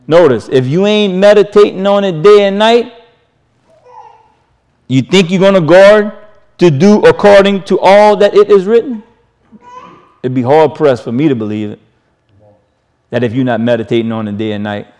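A man preaching a sermon, repeating phrases and swinging between raised, emphatic lines and quiet, drawn-out ones. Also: on the high side, animated.

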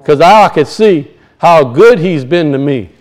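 A man's voice: measured pace, poor audio. A middle-aged man preaching a sermon, swinging his voice up and down, repeating phrases and acting out quoted voices. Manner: animated preaching, rises and drops in pitch, acts out quoted voices; repeats and restarts phrases for emphasis.

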